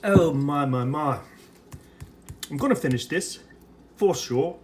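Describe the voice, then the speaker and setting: A casual food vlog voice with a put-on British accent, swooping up and down in pitch with lively energy. The speaker chats along while stirring, pouring and tasting, and a faint hum sits behind the voice. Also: slow pace. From United States. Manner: chatty running commentary while preparing and tasting food. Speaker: ration reviewer.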